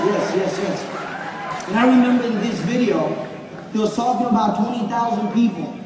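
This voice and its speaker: A man giving a motivational stage speech to an audience, repeating phrases, building up to shouts and getting the crowd to call back. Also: extremely high pitch, background noise. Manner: repetitive, rising to shouts, audience call-and-response. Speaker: motivational speaker at a business event. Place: large event hall with audience. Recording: echoey hall from far off, crowd. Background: audience laughter and murmur.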